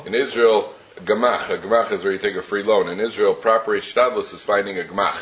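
A man's voice: on the low side, fairly even intonation, fairly quick, a bit bright. A man teaching a Torah class, telling stories with many restarts and chuckles.

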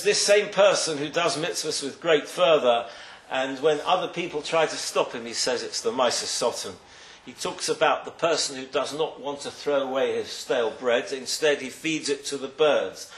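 In an echoey room, a rabbi delivers a sermon in a mid-range, fairly bright voice at normal speed. He tells stories and acts out the people he quotes, his emphasis rising and falling dramatically.

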